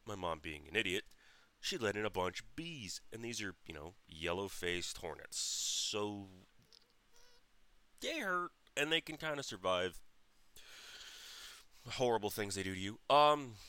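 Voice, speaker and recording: A man's voice: lowish voice, animated, normal speed, pushed and bright, clear, resonant tone. A man hosting a podcast, telling a funny story in a casual, blunt and exasperated way. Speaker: podcast host.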